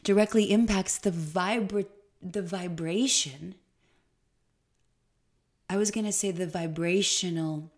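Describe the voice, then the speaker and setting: A woman's voice: lowish voice, slow pace, long pauses. A woman hosting a solo spiritual podcast, talking in a rambling, stream-of-consciousness way with emphatic moments. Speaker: podcast host.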